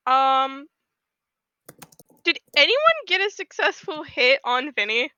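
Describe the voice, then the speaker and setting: A woman's voice: high-pitched, expressive, takes it slowly, bright, forceful tone, no echo, lo-fi sound. A woman playing a tabletop game, hesitant and giggly, with many ums. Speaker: player. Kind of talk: casual tabletop game chat.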